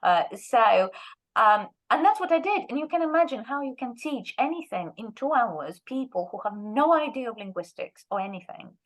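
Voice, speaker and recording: Animated woman telling teaching stories. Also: fairly high pitch, normal speed, poor audio. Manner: lively storyteller who acts out quoted speech. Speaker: guest lecturer and Russian teacher. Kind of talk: anecdotal workshop talk.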